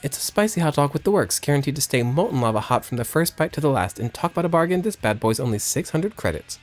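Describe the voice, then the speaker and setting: A man's voice: animated, fast, soft background music, lightly acted. A man voicing a cheerful woman who sells hot dogs at a cafe in a video game. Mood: chirpy. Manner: upbeat sales pitch. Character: chirpy woman running a hot dog cafe.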